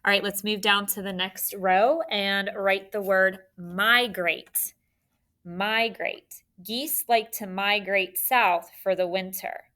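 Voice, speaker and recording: A woman's voice: medium pitch, steady tone, takes it slowly, bright, forceful tone. A young woman teaching a spelling lesson by video, patient and encouraging, spelling words out letter by letter.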